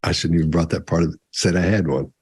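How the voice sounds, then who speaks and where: A man co-hosting a live Q&A, talking slowly and deliberately with long pauses in the middle of sentences. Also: low-pitched, steady tone, a little mellow, husky. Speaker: co-host. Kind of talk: live Q&A talk.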